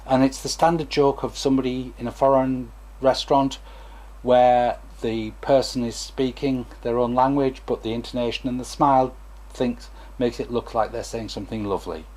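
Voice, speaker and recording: A man's voice: medium pitch, steady tone, normal speed, darkish tone. A former stammering therapist, a man, gives a chatty, digressive talk to camera and acts out examples as he goes.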